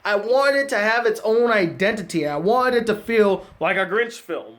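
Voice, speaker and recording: Male film critic, high voice, sarcastic ranting delivery, casual review host. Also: sing-song, normal speed, a bit bright, faint music behind.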